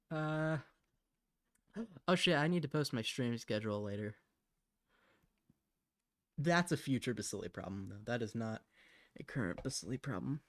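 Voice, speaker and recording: A man's voice: medium pitch, no echo, studio quality. A man chatting casually on a live stream while he draws. He rambles, mutters to himself, and laughs often.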